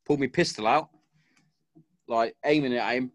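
A man's voice: mid-range voice, normal speed, pauses often, no echo. A man and army veteran, telling a war story in casual chat with a lot of swearing and acted-out quotes.

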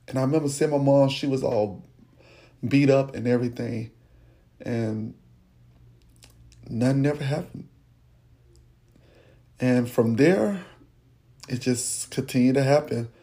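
A man slowly recounting a painful childhood memory as personal storytelling, speaking. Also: medium pitch, dark tone. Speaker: podcast host telling his life story.

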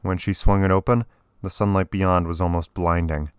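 A man reading scripted story narration in a steady, even way. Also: sits low, normal speed, smooth, no room sound, studio quality. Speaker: audiobook narrator.

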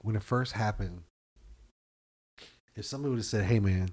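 A man in casual chat, telling profane stories with animated acted-out quotes. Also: lowish voice, moderate pace.

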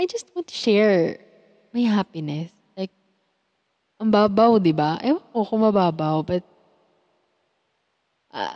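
A woman's voice: lowish voice, dark tone, big-room sound, highs cut off. A young Filipino woman with a Filipino accent, hosting her own podcast in a heartfelt, rambling way with lots of fillers. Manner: heartfelt, code-switching, many fillers like "you know". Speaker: podcast host. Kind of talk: personal podcast monologue.

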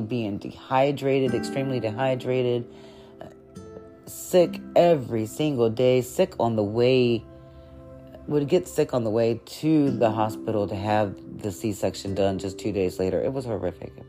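Very low-voiced woman telling a story. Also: mellow. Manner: candid, conversational, with fillers and self-corrections. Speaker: podcast host. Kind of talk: personal spiritual storytelling.

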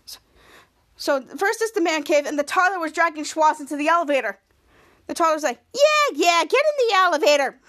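A woman's voice: very high voice, a bit bright. A woman hosting a podcast, casually recapping a TV episode scene by scene, rambling with frequent restarts. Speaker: podcast host.

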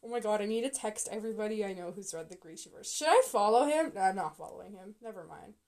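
A young woman vlogger reacting live and excitably, with loud bursts and quiet mumbling. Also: mid-range voice, fast. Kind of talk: live casting reaction vlog.

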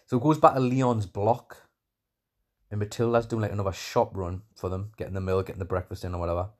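Speaking fairly quickly in a lowish, slightly mellow voice with fairly even intonation, this man walks through a movie's story one scene at a time. It's a loose, enthusiastic recap full of fillers and side comments, with scenes regularly labeled "class."

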